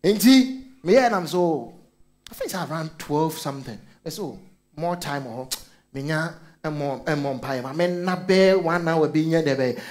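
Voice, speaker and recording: A Ghanaian male pastor preaching with a high, bright-pitched voice. He switches freely between Twi and English, acting out little stories and calling out hallelujah to the congregation. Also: moderate pace. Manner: mixes Twi and English, animated storytelling, calls out hallelujah. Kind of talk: sermon.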